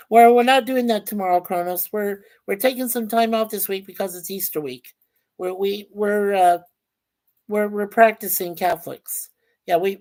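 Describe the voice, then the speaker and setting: A man's voice: high voice, darkish tone. Chatty man hosting a casual livestream. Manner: reads viewer comments aloud and greets viewers by name; chatty, stumbles and repeats words. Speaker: livestream host.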